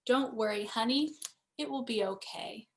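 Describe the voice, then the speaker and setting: A woman voicing a calm, soothing father in a bedtime story. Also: fairly high pitch, measured pace, close to an everyday voice. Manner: soft, comforting.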